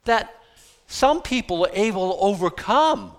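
Man, pastor, sermon, blunt, emphatic, fairly high voice, very animated pitch. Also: a little slow. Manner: emphatic, mimics excuses in put-on voices, blunt.

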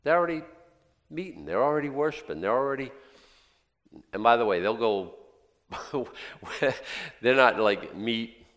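A man preaching a sermon in a church, conversational and animated, with jokey asides. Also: medium pitch, measured pace, long pauses, long reverb tail. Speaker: pastor.

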